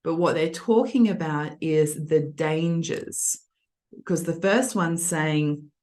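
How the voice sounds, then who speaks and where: Chatty woman teacher, lowish voice. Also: takes it slowly, a little mellow. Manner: chatty, reassuring, acts out example voices. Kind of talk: online tutoring lesson.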